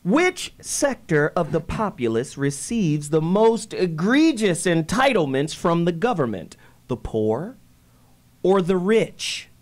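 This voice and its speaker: A radio show host introducing the topic with a dramatic, emphatic delivery and drawn-out words. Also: medium pitch.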